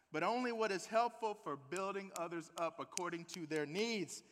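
High, bright-voiced preaching man. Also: long reverb tail. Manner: animated, emphatic preaching with rhetorical questions. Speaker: pastor. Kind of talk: sermon.

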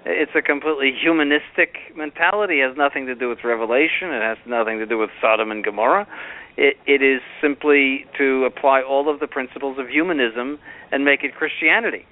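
A man's voice: mid-range voice, brisk. A man giving stern doctrinal commentary, driving his points home with firm repetition. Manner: emphatic, repeats points firmly. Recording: phone-like narrow band.

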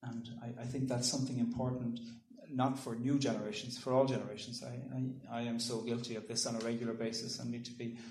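A man giving a thoughtful public talk, pausing and restarting, and reading a poem aloud. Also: mid-range voice, flat delivery, darkish tone. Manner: thoughtful, halting with ums and restarts. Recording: roomy echo.

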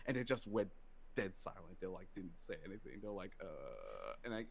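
A man telling a story in casual podcast chat, profane and animated, acting out quotes. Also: low voice, moderate pace, vocal fry, breathy edge.

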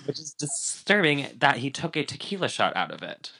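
A man's voice: fairly high pitch, big pitch swings, moderate pace, gravelly, pushed and bright, slight background noise. A man co-hosting a casual reality TV recap, talking animatedly with lots of fillers and swearing. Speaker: podcast co-host.

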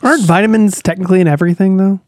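A man from Texas co-hosts a casual chat podcast. His voice is high and he talks quickly, tossing off offhand quips. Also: fairly even intonation, a little mellow, dry recording, clean studio sound. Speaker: podcast co-host. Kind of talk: casual chat over beers.

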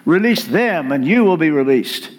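A preacher doing the voice of an older Romanian male friend, with a Romanian accent, speaking slowly and emphatically. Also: a little high, animated, natural voice. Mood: insistent.

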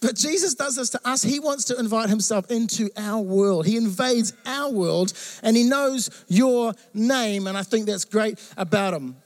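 A man with a remarkably high voice delivers a sermon as the pastor. He tells stories with animated, acted-out quotes and jokes. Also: moderate pace, few pauses.

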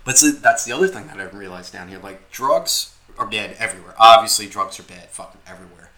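On a casual podcast, a young male co-host with a lowish, bright, forceful voice tells a story in a loose, profane, animated way at a quick pace, full of filler words. The recording quality is rough.

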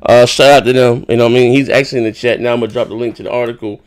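Streaming live, a man tells rambling, profane stories to his subscribers, full of fillers and casual banter. His medium-pitched voice is clean, fairly even in intonation, and racing along.

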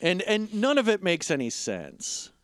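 A man with a high, very lively voice, talking through a film with friends and bouncing through mock dialogue. The sound is dry and close to the mic, with no room around it. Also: a little slow, clear, resonant tone, no room sound. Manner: animated, acts out scenes in quoted asides. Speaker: podcast co-host. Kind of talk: casual movie-review chat.

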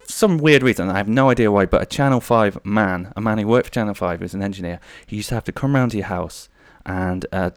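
Here a podcast host in his thirties, voice sitting on the low side, goes solo with rambling, jokey stories and the occasional silly voice. There's no room sound, and the quality is studio level.

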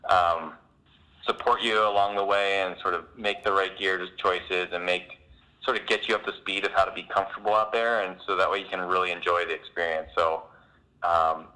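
Male interviewee, low voice with a bright edge, halting and filler-heavy. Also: low-quality recording. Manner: halting, lots of ums and restarts. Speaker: podcast guest, long-distance hiker. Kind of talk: interview answers.

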